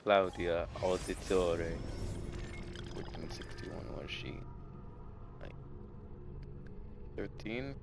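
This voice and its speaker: A man's voice: sits low, very slow, gravelly, pauses often, over music. A young man giving rambling, enthusiastic let's-play commentary while gaming. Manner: rambling, filler-heavy, enthusiastic. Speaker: gaming video creator.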